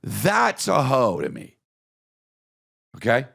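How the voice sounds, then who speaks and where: Gravelly, profane comedian man. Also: mid-range voice, takes it slowly. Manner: crude, profane, animated riffing. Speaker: podcast host. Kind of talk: comedic storytelling monologue.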